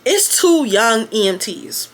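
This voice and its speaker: A young woman telling a casual storytime, quick and profane, full of "like" and acted-out quotes. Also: a little high, very animated, a bit bright. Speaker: vlogger.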